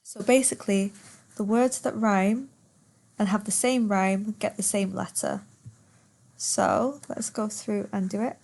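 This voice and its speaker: A woman's voice: mid-range voice, steady tone, unhurried, creaky, a little mellow. A woman teacher in a poetry lesson who reads verse aloud and patiently repeats words to count their syllables.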